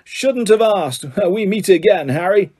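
A man's voice: high-pitched, animated, a little slow, darkish tone, husky, pitched above the performer's own voice, exaggerated voice. A man voicing a vain, self-important teacher who talks in a jovial, patronising way.

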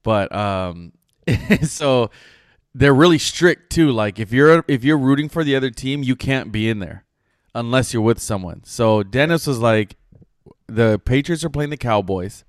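Animated, swearing storyteller man, dry sound. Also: mid-range voice, unhurried, dry recording. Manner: animated storyteller, acts out quotes, swears casually. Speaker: podcast co-host. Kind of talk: casual storytelling chat.

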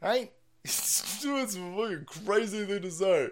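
High-pitched ranting man. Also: animated, unhurried, a crowd in the background. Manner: loud, mocking, swings between shouting and low muttering. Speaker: political commentary streamer. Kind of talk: profane ranting livestream commentary.

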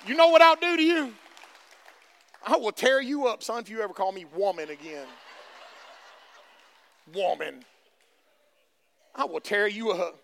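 A man's voice: high-pitched, unhurried, creaky, pauses often, fairly bright tone, a faint crowd, heavily acted. A man doing a sassy, stern mother. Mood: scolding. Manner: threatening, sassy. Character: stern mother scolding her grown son.

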